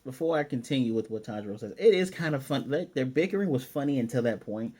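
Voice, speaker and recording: A man's voice: mid-range voice, fast, slightly rough. A man casually recapping an anime episode, retelling scenes with lots of fillers and restarts. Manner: excited storytelling with frequent fillers and restarts. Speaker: anime reviewer.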